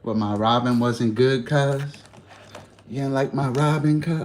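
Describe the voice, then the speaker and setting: A man's voice: medium pitch, measured pace, darkish tone, slight background noise. A man chatting loosely on a livestream, rambling in slang and laughing often. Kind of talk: casual livestream chat.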